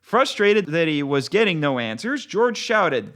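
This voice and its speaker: Man, author, expressive reading, animated pitch, casual guest chat. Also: unhurried. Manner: expressive reading, relaxed when chatting. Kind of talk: reading his novel aloud, then casual chat.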